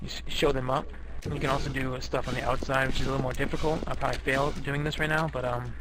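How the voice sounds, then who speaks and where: A man's voice: mid-range voice, flat delivery, quick pace, music in the background, low-quality recording. A young man casually narrating a gaming tutorial, cocky and boastful, swearing often and rambling with fillers. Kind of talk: casual screen-recorded game commentary.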